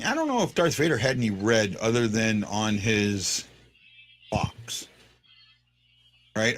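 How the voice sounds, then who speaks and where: Rambling, bright-voiced man. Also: lowish voice, lively intonation, takes it slowly, pauses often. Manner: rambling, lots of fillers and restarts. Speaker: podcast host. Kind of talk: casual sports chat.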